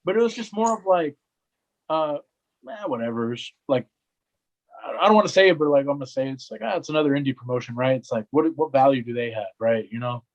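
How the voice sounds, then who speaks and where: Animated young man telling a story, lo-fi. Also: mid-range voice, brisk. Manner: animated, acts out quoted voices, lots of "right?" and "man". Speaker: guest wrestling commentator. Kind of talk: casual storytelling chat.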